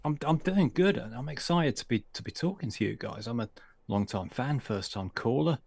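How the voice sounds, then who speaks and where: A man's voice: medium pitch, animated, normal speed, gravelly, a little mellow, breathy edge, no room sound. A British man from the UK, a guest on a casual comedy podcast, joking in a dry, self-deprecating way.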